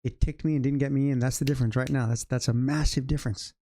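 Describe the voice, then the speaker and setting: A man talks casually over a live trading stream in a dark, mellow voice, muttering and cursing at his own mistakes. The sound is dry and close, with no room echo around it. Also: medium pitch, fairly even intonation, quick pace. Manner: frustrated, swearing, self-critical muttering. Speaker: livestream day trader.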